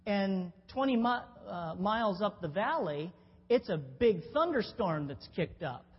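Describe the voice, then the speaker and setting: Lively woman preaching in an echoing hall. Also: slightly rough. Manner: animated storytelling, with restarts and sudden pitch jumps. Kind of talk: sermon. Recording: dull sound in a long-reverb hall with faint noise.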